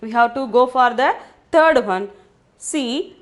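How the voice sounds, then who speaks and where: This woman's voice is high with lively intonation, and she keeps a slow pace. As a Hindi teacher running an online lesson, she goes over every point patiently and frequently asks if the class is following.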